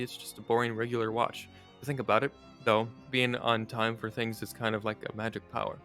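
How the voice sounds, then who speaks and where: A man's voice: medium pitch, bright, forceful tone. A man streaming a game, playfully reading out its narration and his typed commands. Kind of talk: reading a text adventure aloud.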